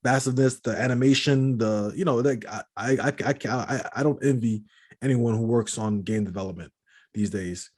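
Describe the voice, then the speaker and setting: A man talks through a casual gaming podcast at a middling pitch. He rambles and restarts his sentences, padding them with plenty of fillers as he works toward his point. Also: normal speed, a little mellow. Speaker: podcast co-host. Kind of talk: casual chat.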